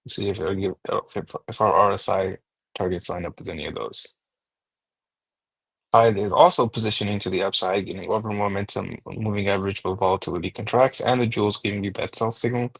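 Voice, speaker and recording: A man walking through stock charts aloud, steady and number-heavy, thinking out loud as he goes. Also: fairly low pitch, fairly quick, gravelly, husky, no echo, poor audio. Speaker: market analyst host. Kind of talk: technical chart analysis.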